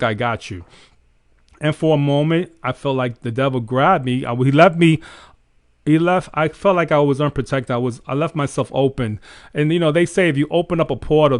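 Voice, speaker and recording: On a faith show, a male host with a mid-range voice recounts a dream in an earnest, casual testimony. His retelling is animated, and there's no echo.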